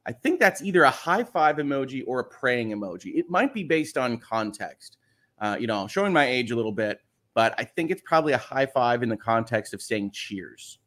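A middle-aged man chats easily as host of a live stream, reading viewer comments aloud and cracking dry jokes. His pitch sits in a middle range for a man. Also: big pitch swings, normal speed, fairly bright tone. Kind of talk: casual livestream chat.

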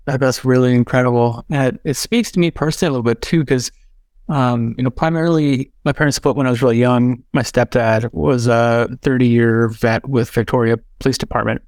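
A man's voice: mid-range voice, steady tone, fairly quick, a little mellow, no echo. A man hosting a podcast interview, speaking earnestly and rambling with lots of fillers. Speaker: podcast host. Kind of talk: interview conversation.

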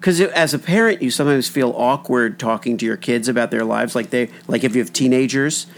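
A man hosting a podcast, chatting casually in a halting way with frequent restarts. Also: medium pitch. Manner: halting, many restarts and fillers. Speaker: podcast host. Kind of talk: casual interview chat.

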